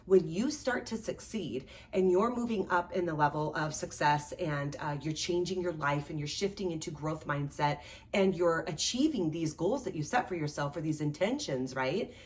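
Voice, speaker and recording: A woman hosting a show and working as a life coach, giving a motivational talk in an animated, chatty way, with lots of "like" and "right?". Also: deep voice, moderate pace, slight background noise. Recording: voice a bit distant from the mic.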